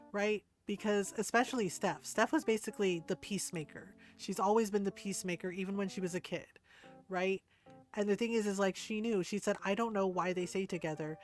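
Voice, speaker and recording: A middle-aged woman streamer talks casually while she plays, telling a story in a frank and unfiltered way. She swears freely, laughs often and acts out the other people in the story. Her voice sits at a middle pitch, with soft game music playing behind it. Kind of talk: casual chat while gaming.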